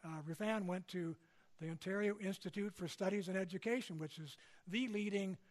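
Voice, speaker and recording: A man's voice: sits high, brisk. An older man from Canada giving a public lecture in a conversational way, often checking in with his listeners. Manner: conversational, frequent tag questions. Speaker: speaker.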